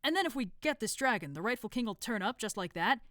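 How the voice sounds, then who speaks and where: A woman's voice: on the high side, lively intonation, fast, fairly bright tone, no echo, clean studio sound, voice pushed up. A woman reading a storybook, voicing a hesitant, doubtful male society member.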